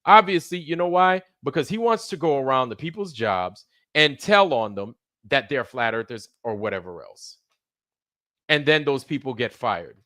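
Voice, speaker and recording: A man's voice: medium pitch, expressive, moderate pace, bright, forceful tone, no echo, studio quality. Fired-up, profane man ranting on stream. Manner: profane, fired-up, emphatic, repeats himself. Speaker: livestream host. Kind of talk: heated ranting commentary.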